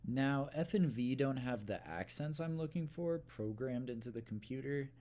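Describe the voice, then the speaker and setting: A young man giving a class presentation, with wry, deadpan asides. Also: medium pitch, moderate pace. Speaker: student presenter.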